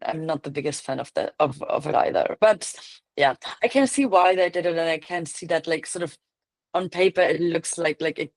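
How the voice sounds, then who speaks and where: A woman co-hosts a relaxed review podcast, quick to agree and often repeating words as she starts. The recording is dry, with no room echo. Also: low voice. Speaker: podcast co-host. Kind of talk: casual review chat.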